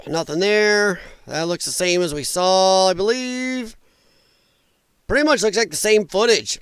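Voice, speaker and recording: A man's voice: high-pitched, a bit bright, clean tone, no room sound. A middle-aged man hosting a casual political livestream, rambling and joking while reading chat aloud. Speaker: livestream host.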